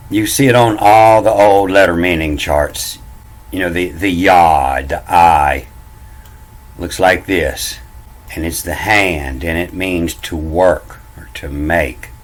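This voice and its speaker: Slow, deep-voiced man explaining casually. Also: poor audio. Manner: meandering, repeats words and restarts, folksy asides like "you know". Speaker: self-taught bible language commentator. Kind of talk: casual rambling explainer talk.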